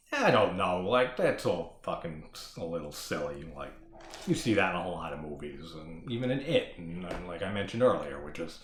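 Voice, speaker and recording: Man, low voice, casual spoiler chat, profane and rambling, echoey room. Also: a little hiss or hum. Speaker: horror movie podcast host.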